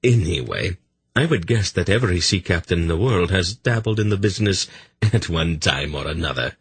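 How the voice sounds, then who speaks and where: A man's voice: deep voice, lively intonation, moderate pace, husky, no room sound, heavily acted. A man voicing a sly, teasing male thief with dry wit in an audiobook.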